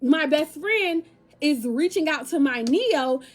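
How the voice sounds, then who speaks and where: Her voice is high and animated, though she speaks slowly. A young American woman who creates lifestyle content, she's telling a casual storytime vlog, chatting right to her audience with heaps of slang.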